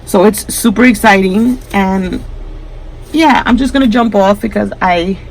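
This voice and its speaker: A woman hosts her crafting vlog, speaking straight to camera with heartfelt emotion and close to tears. Her voice sits in a medium pitch range. A faint noise hums under the recording. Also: unhurried, low-quality recording. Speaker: crafting channel host.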